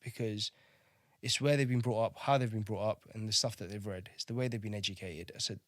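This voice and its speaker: A man's voice: fairly low pitch, steady tone, a little fast, no echo, studio quality. A man telling his service story candidly, swearing freely and often asking "do you know what I mean". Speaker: podcast guest, navy veteran.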